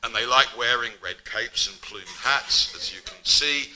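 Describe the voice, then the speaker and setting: A man's voice: medium pitch, a little slow, pushed and bright, low-quality recording. A middle-aged man giving an academic public lecture, mixing scholarly narration with wry asides.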